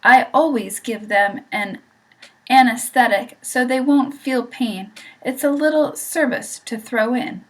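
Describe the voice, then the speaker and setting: Woman doing a wise storybook spider, calm, brisk, firm. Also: fairly high pitch.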